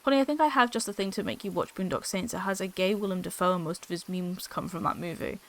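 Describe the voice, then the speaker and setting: Talking fast with a fairly low, slightly bright voice, a woman chats casually on her game stream. She's bubbly, laughs often and swears freely, recorded on an old desktop microphone.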